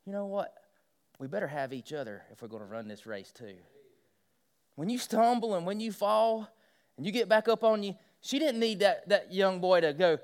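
A middle-aged man preaching a sermon, moving from quiet storytelling into loud, impassioned preaching. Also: high voice, animated, brisk. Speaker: pastor.

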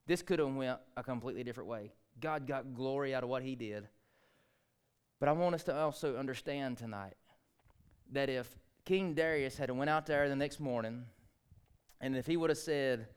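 A man's voice: moderate pace, clean tone. Impassioned preacher man. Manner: impassioned preaching, rising to near shouts and dropping low. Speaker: pastor. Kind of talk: sermon.

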